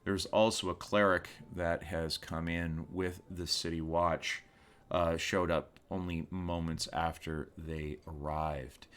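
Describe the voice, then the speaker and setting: A man narrating a tabletop game as game master, relaxed and unhurried with frequent fillers. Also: low-pitched, smooth.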